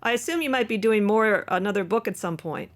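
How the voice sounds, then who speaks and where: A woman's voice: mid-range voice, a little fast. A woman, the host, wrapping up a podcast interview and thanking the guest. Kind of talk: closing the show.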